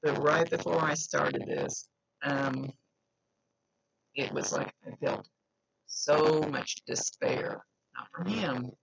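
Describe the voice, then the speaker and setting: A man giving a psychic reading to the camera, chatty and emphatic as he passes on messages. His voice sits a little high, with a husky, gravelly grain. The recording is dull and lo-fi. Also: slow, a bit bright, no echo. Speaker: psychic medium.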